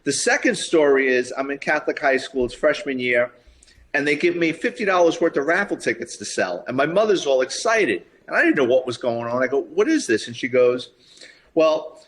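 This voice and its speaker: A man in his fifties, a retired police officer, telling stories as a podcast guest and acting out the voices of the people in them. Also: on the high side. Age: 50s. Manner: lively storyteller acting out quoted voices, chuckling as he talks. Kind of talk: anecdotal storytelling.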